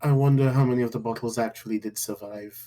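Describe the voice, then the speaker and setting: A man's voice: mid-range voice, steady tone, fast, mellow, a little hiss or hum, rough recording. A man playing a tabletop game, talking casually in a hesitant, dry way. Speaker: player.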